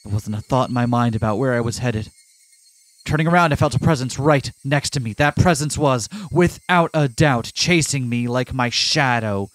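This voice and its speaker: A man's voice: medium pitch, normal speed, no echo. A man, host of a gaming show, reads a visual novel aloud with dramatic narration and trades jokes with his co-host. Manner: dramatic reading mixed with joking asides. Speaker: let's play host. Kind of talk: reading a visual novel aloud with casual commentary.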